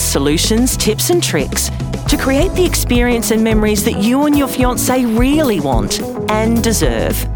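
A woman delivers a polished podcast opening in a bright, lively voice that moves up and down a lot. Music plays clearly under her words. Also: a little high. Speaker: podcast host. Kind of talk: scripted show intro. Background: music bed.

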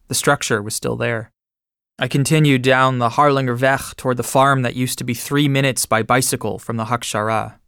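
A man narrating his own memoir in steady first-person storytelling, recorded close to the mic. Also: medium pitch, gravelly, no room sound.

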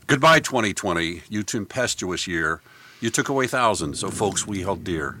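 A man on a comedy talk show, joking casually and reciting a rhyming comic poem in a deadpan way. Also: sits low, normal speed, no room sound. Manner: jokey, deadpan delivery of rhymes. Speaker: comedy contributor.

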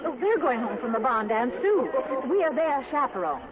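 A woman's voice: high voice, big pitch swings, moderate pace, narrow, tinny audio, a crowd in the background. An actress playing a poised, self-assured woman in a 1940s radio play, teasing in a dry way, on a scratchy old broadcast. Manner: dry, gently teasing delivery. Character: poised, sure-of-herself career woman, teasing.

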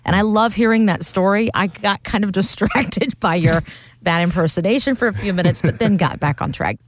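A woman's voice: medium pitch, moderate pace, slight background noise. A woman co-hosting a radio talk show, chatting in a teasing, encouraging way. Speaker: radio co-host.

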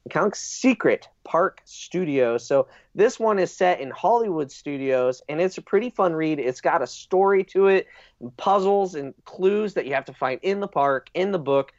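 A man with a fairly high, expressive voice hosts a casual podcast at a moderate pace, poking fun at himself in a loose, chatty, self-deprecating way. The audio is dry, dull and lo-fi.

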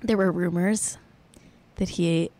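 A woman's voice: lowish voice, fairly even intonation, slow pace, warm tone. A young woman hosting a podcast in casual chat, a little tipsy, rambling and giggly with lots of fillers. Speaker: podcast host.

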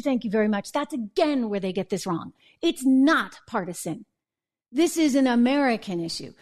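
A woman hosting a political talk show, delivering an emphatic, conversational opinion monologue and checking in with viewers. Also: high voice. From New England. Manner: emphatic, conversational, asks viewers "right?" and "okay?".

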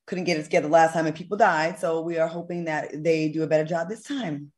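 A woman in her forties hosting a casual talk show, lively and chatty, laughing easily. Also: sits low, fast talker. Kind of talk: casual chat.

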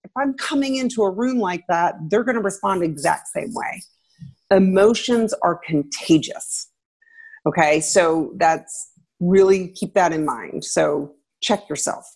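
Husky woman giving lively parenting advice. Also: measured pace. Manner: animated, laughs, acts out quotes with pitch jumps. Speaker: parenting guest expert, former teacher. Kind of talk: conversational advice.

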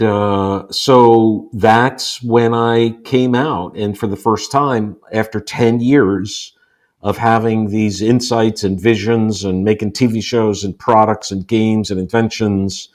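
A man in his sixties from the United States, a guest telling personal stories in a relaxed interview and acting out the quotes. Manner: animated storyteller, acts out quotes with rising pitch. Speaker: guest, author. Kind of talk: storytelling in a casual interview.

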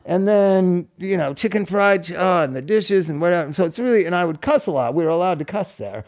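A man's voice: high-pitched, lively intonation, brisk. A man telling a long, rambling story in casual chat, laughing often and swearing freely.

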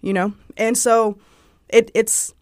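Slow-paced and a little high, this young Southern-accented woman from Georgia tells personal stories in a casual, chatty interview. She says "like" constantly and animates the voices she quotes, recorded in a clean studio with no echo.

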